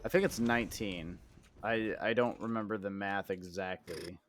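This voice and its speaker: A man's voice: fairly low pitch, moderate pace, slight background noise. A man playing a game with a friend on stream, joking and teasing in casual chat. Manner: joking, teasing, laughs easily. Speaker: co-player on a stream.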